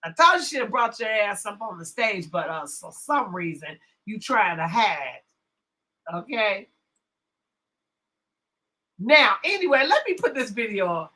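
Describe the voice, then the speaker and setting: Brash, animated woman livestream host. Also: mid-range voice, unhurried, pauses often. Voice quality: brash, profane, swings from loud to hushed asides. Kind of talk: casual livestream rant.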